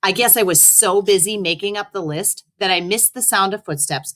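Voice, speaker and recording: A woman teacher reading a children's chapter book aloud to her students in an expressive, friendly way. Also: mid-range voice, normal speed, few pauses. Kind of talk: read-aloud storytelling.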